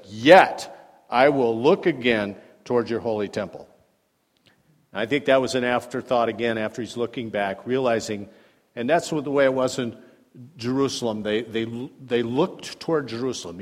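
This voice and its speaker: A man preaching in a church, his voice carrying a long hall reverb. He teaches conversationally, reads scripture aloud and turns to his listeners with questions. His loudness rises and drops sharply between quiet asides and emphatic points. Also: medium pitch, normal speed. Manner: wide swings in loudness, dropping soft then rising emphatic. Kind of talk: sermon.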